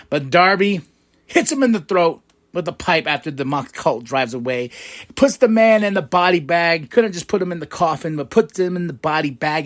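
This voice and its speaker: A man hosting a podcast, recapping events with animated swings from low mutters to loud excited outbursts and casual swearing. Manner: swears casually, quick asides. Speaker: podcast host.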